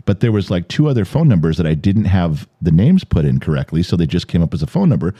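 An American man hosting a podcast, telling stories in a casual, animated way and swearing freely. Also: fast talker, breathy edge, no room sound, highs cut off. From United States. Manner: animated, jumps high in pitch for quoted lines, swears freely. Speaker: podcast host. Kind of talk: casual storytelling chat. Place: home studio.

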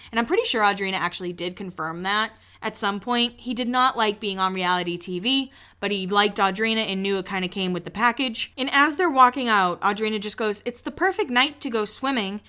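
A woman's voice: medium pitch, brisk, hardly any pauses, pushed and bright. A young woman hosting a podcast, recapping a show in a chatty, opinionated way and swearing casually. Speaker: podcast host.

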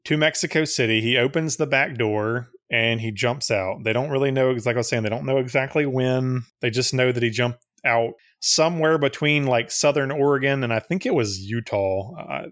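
A man's voice: medium pitch, moderate pace, few pauses, a bit bright. A man co-hosting a podcast in casual chat, rambling and profane, laughing often. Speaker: podcast co-host.

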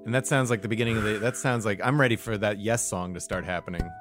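A man's voice: lowish voice, quick pace, fairly bright tone, faint music behind. A man in a casual chat, wry and teasing.

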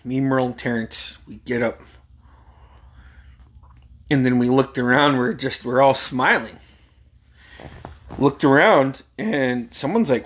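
A man's voice: medium pitch, slow pace, long pauses, fairly bright tone. A middle-aged man hosting a solo podcast, telling a rambling, profane story and laughing as he goes. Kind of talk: casual storytelling monologue.

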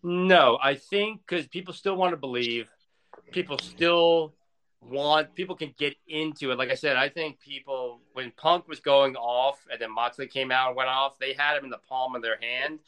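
Intense, foul-mouthed man with a bright voice. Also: mid-range voice, moderate pace, smooth, poor audio. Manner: intense, profane, rambling. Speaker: professional wrestler guest. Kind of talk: casual podcast interview.

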